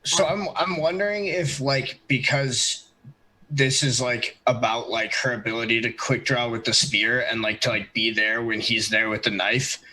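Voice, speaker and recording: A man's voice: mid-range voice, steady tone, moderate pace, sharp tone, low-quality recording. A man playing a tabletop game, rambling with many fillers. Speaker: player. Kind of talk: casual tabletop play.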